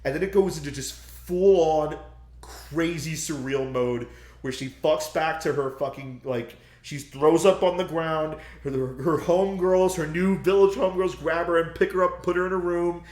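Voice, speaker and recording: A young man co-hosting a podcast, retelling a movie plot in loud, profane, animated bursts and acting out screams. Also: fairly high pitch, normal speed, roomy sound. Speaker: podcast co-host.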